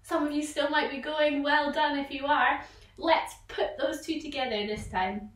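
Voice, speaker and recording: A woman with a bright, fairly high voice guides children through a vocal warm-up, cheering them on and bursting into loud playful noises. She sounds a little away from the mic, in an echoey room. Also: fairly even intonation, moderate pace, far from the mic, slight background noise. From Scotland. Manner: encouraging, leads sound games with sudden loud exclamations. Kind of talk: online vocal warm-up lesson.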